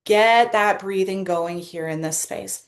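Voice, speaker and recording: A woman coach leading a guided self-care session with a breathing exercise, speaking calmly and encouragingly into a laptop camera mic. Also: mid-range voice. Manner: calm, encouraging, deliberate. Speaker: personal development coach.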